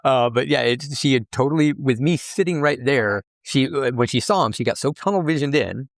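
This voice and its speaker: Fast-talking man telling sideshow stories. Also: medium pitch, creaky, no echo, studio quality. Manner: animated anecdotes with quick restarts. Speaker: podcast guest, sideshow performer. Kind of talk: casual interview storytelling.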